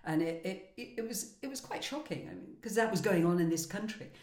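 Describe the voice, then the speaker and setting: A woman's voice: medium pitch, lively intonation, brisk, darkish tone. A woman in her sixties, a former broadcaster and podcast co-host, telling self-deprecating anecdotes with frequent laughter. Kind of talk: casual chat, anecdotes. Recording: roomy echo.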